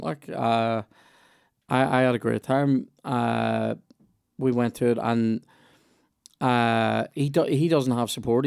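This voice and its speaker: Gravelly-voiced man chatting. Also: medium pitch, a little mellow, dry recording, studio quality. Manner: chatty, jokey, trailing restarts. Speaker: podcast host. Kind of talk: casual chat.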